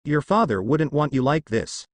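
A man voicing a stern older male ninja teacher who jeers and shouts. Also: a little high, very animated, normal speed, no room sound. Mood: angry. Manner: jeering and shouting.

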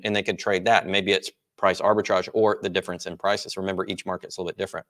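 A man's voice: deep voice, little pitch movement, fast talker, hardly any pauses. A man hosting a market report, explaining charts in a casual, explanatory way. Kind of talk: financial market commentary.

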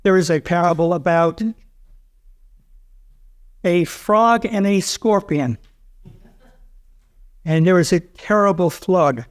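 A man's voice: sits high, slow, pauses often, smooth. A man giving a mock-grandiose, theatrical debate speech at a church event. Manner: theatrical, pompous orator.

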